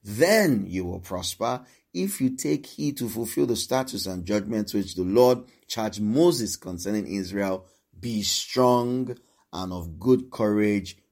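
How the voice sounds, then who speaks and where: A man's voice: fairly low pitch, lively intonation, takes it slowly, darkish tone. A man preaching a sermon, reading scripture and emphatically repeating encouragements to his listeners. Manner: emphatic, repeats exhortations, shifts pace.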